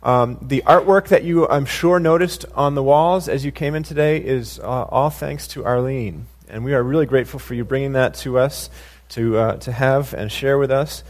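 A man leading a church service as its pastor, introducing a guest speaker in a relaxed way with frequent fillers. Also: medium pitch, moderate pace.

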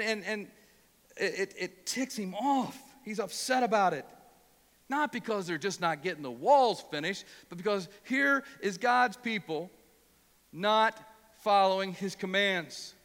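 A man's voice: high-pitched, lively intonation, unhurried, fairly bright tone, long reverb tail. A male pastor from Ohio preaching a sermon, emphatic and prone to repeating words when worked up.

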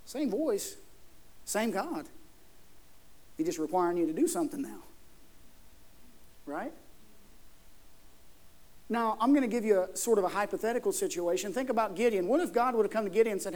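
A man with a high voice preaches a sermon as pastor. He throws rhetorical questions at the congregation and drives his points home with rising emphasis. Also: lively intonation, fairly quick, darkish tone.

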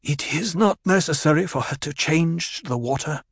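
A man voicing a young man just out of a coma, his voice weak but steady. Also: a little high, moderate pace, breathy edge, dry recording, clean studio sound, voice pushed up.

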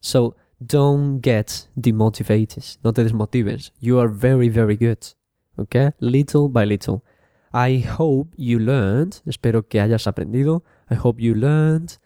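Male teacher, beginner lesson, slow and repetitive, warm low tone, quick translations. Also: no echo, clean studio sound. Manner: repeats each word, adds quick translations, often asks okay. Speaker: English teacher.

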